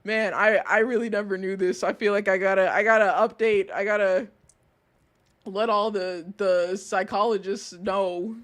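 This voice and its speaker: A woman's voice: medium pitch, steady tone, moderate pace. A young woman streaming, reacting to a video in a casual, incredulous way, laughing and swearing often.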